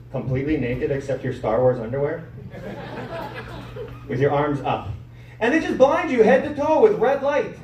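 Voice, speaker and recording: High, lively man doing stand-up. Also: slight background noise. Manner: animated storytelling, acting out friends' lines. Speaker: stand-up comedian. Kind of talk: stand-up set. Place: comedy club stage. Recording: echoey room mic'd from a distance.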